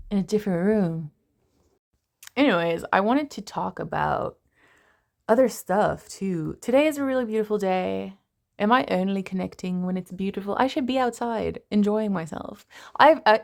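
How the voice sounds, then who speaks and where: A young woman, an actress, reading a book passage aloud at home and then chatting casually, swearing and laughing at herself. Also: mid-range voice. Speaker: actress vlogger.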